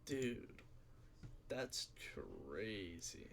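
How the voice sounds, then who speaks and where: A laid-back male co-host with a bright, forceful voice chats casually over faint background noise and keyboard clicks. His talk is loose and slangy. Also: fairly low pitch, sing-song, extremely slow. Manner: laid-back, says bro and like a lot. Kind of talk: casual chat.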